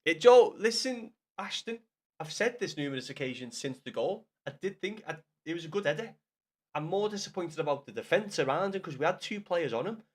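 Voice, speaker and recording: A young man chatting casually with viewers on a live gaming stream, swearing often and bantering loudly with chat. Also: fairly high pitch, animated, brisk.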